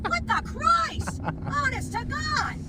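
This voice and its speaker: A woman's voice: very high-pitched, animated, takes it slowly, a crowd in the background. A woman venting in exasperation and swearing at honking drivers while driving, recorded on a distant phone in a car with traffic behind. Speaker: prank video subject. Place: in a car on the road. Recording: distant phone audio with loud traffic noise.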